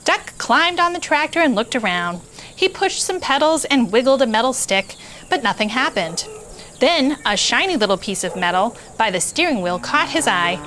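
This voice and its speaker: Woman children's host reading a picture book aloud, playful and animated, high and very expressive. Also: moderate pace, a little hiss or hum.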